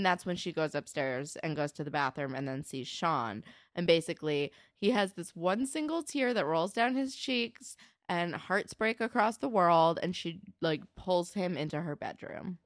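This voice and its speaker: A woman's voice: lowish voice, normal speed, no echo, clean studio sound. A young woman co-hosting a casual podcast, animatedly retelling a TV episode and acting out the lines. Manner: animated retelling with acted-out quotes. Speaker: podcast co-host recapping a TV episode. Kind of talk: casual chat.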